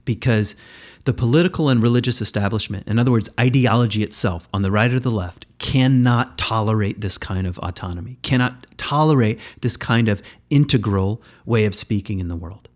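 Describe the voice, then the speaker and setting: Low-voiced man giving a reflective spiritual talk. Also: a little fast. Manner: thoughtful, conversational, searching for words. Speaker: spiritual teacher and podcast host.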